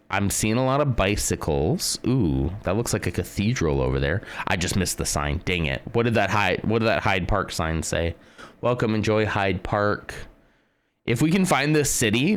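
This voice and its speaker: Chatty low-voiced male streamer, lively pitch. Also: clear, resonant tone. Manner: chatty, thinks aloud, greets viewers by name. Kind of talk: casual live-stream chat while playing a guessing game.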